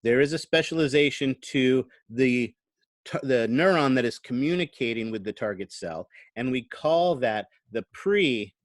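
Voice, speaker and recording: Speaking into a computer mic for a recorded online class, this male college lecturer has a medium-pitched, expressive voice and talks at a normal speed. His explanations are conversational, peppered with "right?", and there's no room sound.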